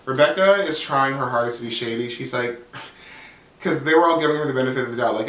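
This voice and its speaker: A man's voice: medium pitch, fairly even intonation, fairly quick, a bit bright. A man tearing through a reality show recap in a sassy, blunt way, swearing freely and stuffing his talk with "like." His voice bounces around a reverberant room. It sounds as if he sits some distance from the microphone. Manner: sassy, blunt, profane, frequent "like". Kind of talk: casual commentary. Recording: echoey room, mic at a distance.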